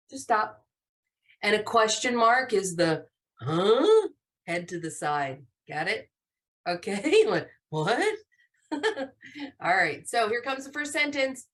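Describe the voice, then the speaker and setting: A woman teaching a live online class to young children, animated and encouraging. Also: mid-range voice. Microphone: video call.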